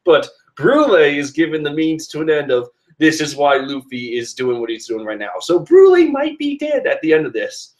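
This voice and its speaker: A man casually reading and reacting to a comic chapter, animated and rambling with restarts. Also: a little high, normal speed, few pauses.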